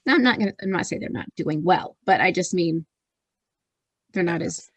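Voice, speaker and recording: A woman's voice: on the low side, animated, normal speed, breathy edge, no echo. A woman co-hosting a sports podcast in casual chat, who laughs often and trails off mid-sentence. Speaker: podcast co-host.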